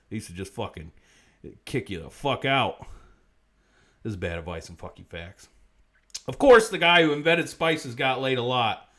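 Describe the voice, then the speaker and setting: A man hosting a comedy livestream, swearing constantly and ranting, swinging from low mutters to loud outbursts. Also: expressive, normal speed, long pauses. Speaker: comedy show host. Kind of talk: profane comedic livestream monologue.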